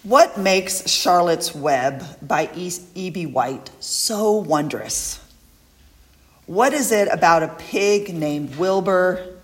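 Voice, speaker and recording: A woman preaching a sermon, reading a poem aloud in a slow, reflective way. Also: lowish voice. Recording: echoey hall.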